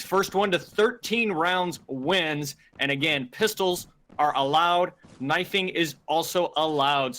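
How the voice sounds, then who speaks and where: A man's voice: on the high side, sharp tone. A man co-casting a mobile shooter tournament on a live stream, mixing laid-back joking banter with match calls. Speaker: esports co-caster. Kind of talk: live game commentary.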